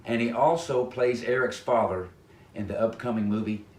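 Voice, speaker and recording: A man's voice: mid-range voice, moderate pace, darkish tone. A male announcer introducing guests in a showman-like way. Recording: echoey room, faint noise.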